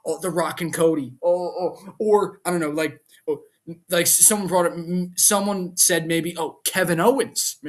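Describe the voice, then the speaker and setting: Excitable man ranting in a vlog. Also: sits high, normal speed. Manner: animated, exasperated ranting with rhetorical questions. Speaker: wrestling show reviewer. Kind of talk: casual review vlog.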